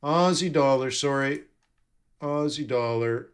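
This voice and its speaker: A man's voice: mid-range voice, takes it slowly, clean tone. A man giving live trading commentary, thinking aloud and correcting himself as he reads numbers off charts. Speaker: forex trading streamer.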